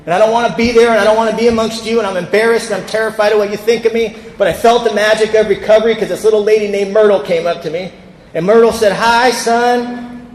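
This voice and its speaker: A man from California stands before a convention crowd and tells his recovery story in a candid storytelling way, acting out the voices he quotes. His voice sits fairly high for a man. The sound carries the long reverb of a big, echoey hall. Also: steady tone, racing, slight background noise. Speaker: recovery speaker. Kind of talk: personal recovery talk at a convention.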